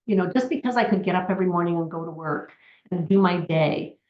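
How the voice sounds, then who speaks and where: A woman's voice: fairly low pitch, fast. A woman in her sixties telling her personal story in a chatty way, with many asides and restarts. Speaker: network marketing distributor. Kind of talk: personal testimony talk. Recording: roomy, slightly dull recording.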